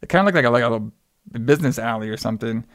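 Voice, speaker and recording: A man's voice: mid-range voice, lively intonation, very fast, fairly bright tone, dry recording, clean studio sound. A man casually recapping a movie plot as a podcast co-host, rambling and leaning heavily on filler words.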